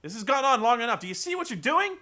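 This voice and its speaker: A man putting on an enraged male wrestling commentator, voice climbing high and loud as he tears into someone. The rant swings widely in pitch, bright and sharp. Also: very animated, quick pace, exaggerated voice. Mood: outraged. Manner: shouting outraged rant.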